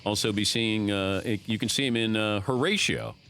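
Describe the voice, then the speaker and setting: A man's voice: on the low side, normal speed, a bit bright, clear, resonant tone, soft background music. A male talk show host asking a guest short, easygoing questions and laughing along. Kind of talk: casual interview.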